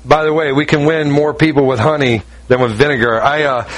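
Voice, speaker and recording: A middle-aged man preaching a sermon, high-strung and animated, telling stories with quick asides. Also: low-quality recording. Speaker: pastor.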